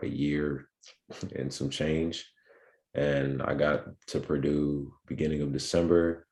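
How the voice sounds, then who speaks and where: A young pro basketball player appears as a podcast guest, speaking in an extremely deep, low, creaky voice. He tells his story in a laid-back, unhurried manner, filling pauses with ums and restarts in a casual interview style.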